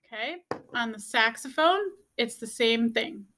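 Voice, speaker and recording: A woman's voice: fairly high pitch, lively intonation, measured pace, pushed and bright, a little hiss or hum. A woman teaching a beginner music lesson, patiently repeating each step and checking in with "okay?". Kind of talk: instructional video lesson.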